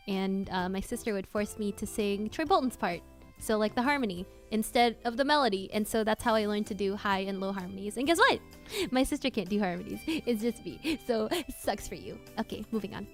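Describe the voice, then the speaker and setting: A woman's voice: medium pitch, brisk, faint music behind. A young woman hosting a casual live Q&A about singing covers, chatty and self-correcting with lots of fillers.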